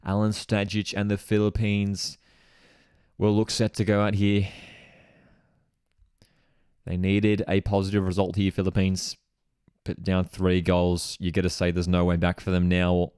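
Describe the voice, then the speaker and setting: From a home streaming setup, a football watchalong host gives live reaction commentary on a match, reading viewer comments aloud. His low, deep, smooth voice bursts into excitement at big moments, then settles into easy, chatty talk that's a little slow with frequent pauses. The sound is close and dry, with no room echo.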